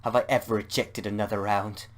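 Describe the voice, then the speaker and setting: A man with a British accent voicing an unhinged, murderous young woman gambler who flips from quiet calm to rage in a text adventure. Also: lowish voice, brisk, natural voice. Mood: coldly calm.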